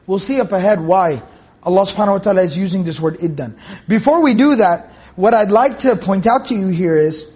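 A man teaches a Quran commentary lecture to students conversationally, repeating phrases, posing rhetorical questions, and reciting Arabic verses. His high voice is brisk, a little mellow, and slightly rough, with the highs cut off.

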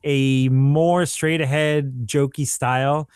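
A man's voice: mid-range voice, fairly even intonation, slow pace, a little mellow, smooth, no echo. Rambling man on a dry home mic. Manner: rambling, searches for words with many fillers. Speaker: podcast co-host. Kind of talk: casual chat. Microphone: home microphone on a call.

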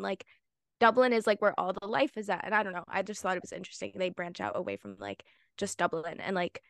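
Brief: young woman, middle pitch, easygoing book chat, chimes in with quick agreement, dry close recording. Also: lively intonation, no room sound. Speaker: book club podcast co-host. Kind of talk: casual chat.

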